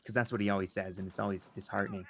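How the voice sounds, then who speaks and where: A man calling an esports match play-by-play, excitable and joking around between the action. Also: fairly low pitch, racing, a little hiss or hum. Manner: excitable, jokey banter between calls. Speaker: esports caster.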